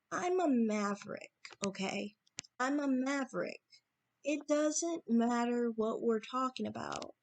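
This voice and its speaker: A woman with a slightly raised pitch delivers a monologue to her audience. She is assertive and hammers points home by repeating them, pausing with fillers between phrases. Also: a little mellow. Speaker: YouTube commentator. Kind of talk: opinion monologue to camera.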